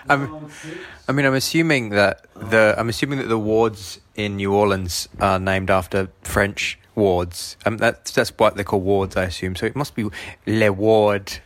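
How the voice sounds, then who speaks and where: A Canadian man hosting a podcast, chatting casually and telling a travel story with lively impressions. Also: fairly low pitch, measured pace, no room sound. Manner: animated storyteller, mimics voices. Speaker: podcast host.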